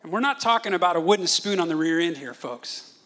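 Male pastor, 30s, high bright voice, animated sermon delivery with acted-out voices. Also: a little fast. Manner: animated storytelling, acts out voices of his children.

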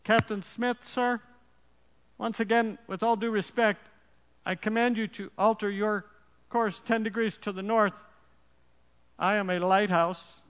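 A man doing a polite young sailor who stays calm and will not budge. He speaks in a steady, high voice, and the sound carries a long reverb. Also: a little slow, pauses often, clean tone. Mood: calm firm. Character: calm, unbending young male lighthouse keeper.

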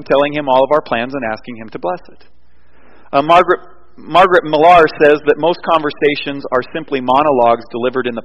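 A man's voice: on the high side, dull audio. Earnest man preaching in a reverberant hall. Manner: earnest storytelling, rising to emphatic peaks. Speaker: pastor. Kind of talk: sermon. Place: church.

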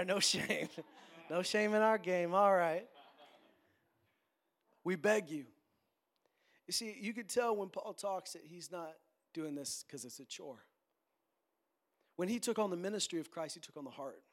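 A man preaching with a notably high voice for a man, his delivery rising into loud, ringing declarations and then dropping to low, soft pleading. He lingers on key phrases and repeats them for weight. It is an earnest pulpit sermon. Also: a little slow, long pauses. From Canada. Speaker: pastor.

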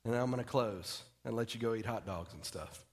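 A man preaching a sermon as pastor, conversational and joking, dropping to quiet emphasis on key points. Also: fairly low pitch, brisk, breathy edge.

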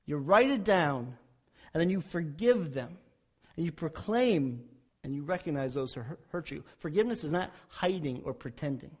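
A man preaching a sermon as pastor, rising loud when voicing prayers and dropping soft for quiet appeals. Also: fairly high pitch.

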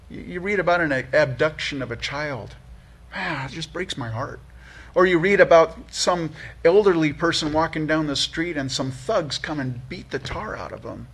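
Animated and fairly quick, a pastor with a high-leaning, somewhat bright, breathy voice preaches in an earnest, conversational way. He often circles back and restarts on his way to a point, raising his voice for emphasis.

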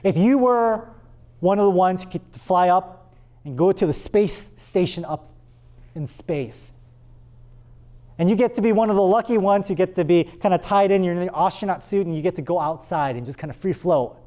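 A man preaching a sermon and reading scripture aloud, with dramatic pauses and words repeated for emphasis. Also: high-pitched, mellow. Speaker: pastor.

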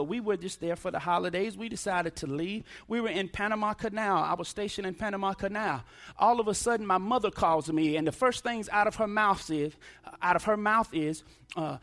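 A middle-aged man preaches his testimony in a high, bright voice. He speaks emphatically and calls for responses from the congregation. Soft music plays faintly under his words. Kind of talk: sermon testimony.

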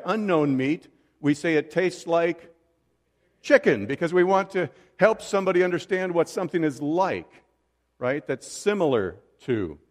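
A man's voice: fairly high pitch, long reverb tail. A middle-aged man preaching a sermon to his congregation in a conversational way, with joking asides. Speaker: pastor. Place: church sanctuary.

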